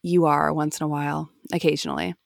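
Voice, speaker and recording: An earnest young male Jedi apprentice, as a woman reads him aloud from a novel. He talks hesitantly and apologetically in a low, slightly gravelly voice. The sound is close and dry. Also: little pitch movement, fast, no room sound.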